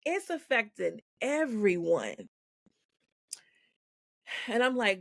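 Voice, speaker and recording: A woman's voice: mid-range voice, normal speed, gravelly, dry recording, clean studio sound. A woman guest on a podcast, speaking frankly and with animation, laughing often as she tells her story. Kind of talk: candid conversational storytelling. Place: podcast recording.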